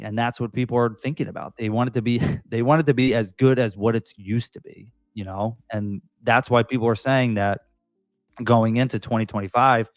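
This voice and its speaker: A man's voice: medium pitch, dry recording. Rambling Philly-accented man, dry sound. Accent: Philadelphia. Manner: conversational, rambling with fillers and restarts. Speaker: real estate broker livestream host. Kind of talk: casual livestream commentary.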